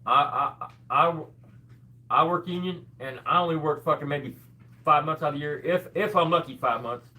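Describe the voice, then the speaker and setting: A man co-hosting a commentary show, animated and foul-mouthed in casual banter. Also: on the high side, moderate pace. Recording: distant mic.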